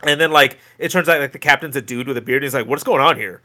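A man's voice: medium pitch, steady tone, very fast, pushed and bright. A man co-hosting a podcast, casually retelling a cartoon episode with lots of fillers. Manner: rambling retelling with many fillers. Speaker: podcast co-host. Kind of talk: casual chat.

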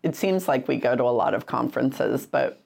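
A woman's voice: very deep voice, a little fast, vocal fry, darkish tone. A woman co-hosting a podcast in casual chat, chatty and storytelling, laughing easily. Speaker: podcast co-host.

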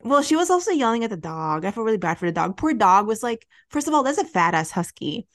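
A young woman from Chicago co-hosts a casual podcast from her apartment. She tells stories with lots of energy and swears freely. She slips into quick impressions of the people she describes. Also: fairly high pitch. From Chicago area. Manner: animated storyteller, swears freely, acts out quoted people. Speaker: podcast co-host. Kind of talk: casual chat. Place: apartment near a window.

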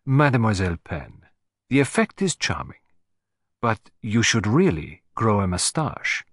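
A man's voice: lowish voice, big pitch swings, measured pace, fairly bright tone, no room sound, clean studio sound, heavily acted. Hercule Poirot, put on by a man, precise and smug. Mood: accusing. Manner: precise, self-satisfied, theatrical. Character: fussy, proud, shrewd older male Belgian detective.

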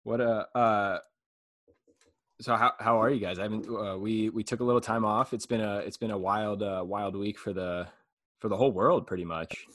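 Low-voiced man rambling on a podcast. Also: fairly even intonation, a bit bright. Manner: rambling, laughs often, halting restarts. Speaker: podcast host and stand-up comedian. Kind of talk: casual podcast chat.

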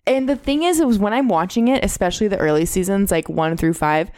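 A young woman co-hosting a podcast in lively, unfiltered chat, swearing freely and jumping in over others. Her voice sits in a middle register. It is recorded close and dry, with no room sound. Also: medium pitch, brisk, no room sound. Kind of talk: casual chat.

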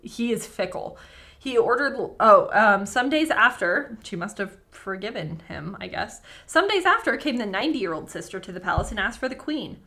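Bright-voiced American woman reading folktales. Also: medium pitch, sing-song, normal speed. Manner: profane, joking, reads text aloud with asides. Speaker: podcast co-host. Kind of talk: casual chat, reading folktales aloud.

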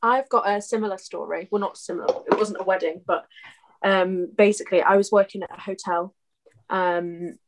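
A young woman in her twenties, middle-pitched, telling long casual stories. She rambles, often pausing on um and like. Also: fairly even intonation, slight background noise. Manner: rambling anecdotes with many ums. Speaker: podcast co-host. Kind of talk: casual chat.

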